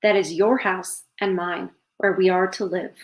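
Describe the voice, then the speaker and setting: A woman's voice: on the low side, fairly even intonation, a little slow, dull audio. Woman reading a curt storybook beggar musician, blunt and plain, echoey room.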